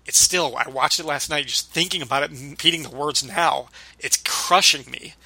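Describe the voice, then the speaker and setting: A man's voice: fairly high pitch, normal speed, gravelly, pushed and bright, husky, no room sound. A man co-hosting a podcast, talking in a casual, rambling way with lots of fillers and restarts. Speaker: podcast co-host.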